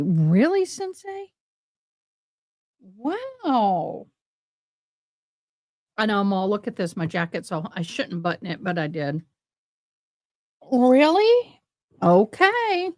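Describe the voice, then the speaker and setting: Woman host, casual rambling live-stream chat, unhurried, dead-dry sound. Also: medium pitch, wildly swooping pitch, no echo. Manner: chatty and rambling, addresses viewers as y'all. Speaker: livestream host commenting on court trials.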